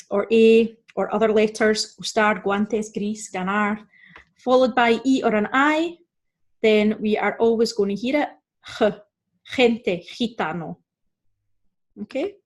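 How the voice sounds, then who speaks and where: A woman teaching a beginner Spanish lesson, explaining step by step, saying Spanish example words slowly and clearly, and often checking in with "okay?" and "right?". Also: a little high. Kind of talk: recorded beginner language lesson.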